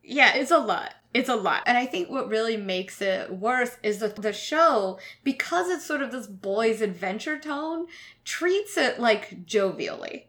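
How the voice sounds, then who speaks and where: A woman's voice: a little high, animated, a little slow, fairly bright tone. A woman co-hosting a casual chat, animatedly retelling scenes and swearing often. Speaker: podcast co-host.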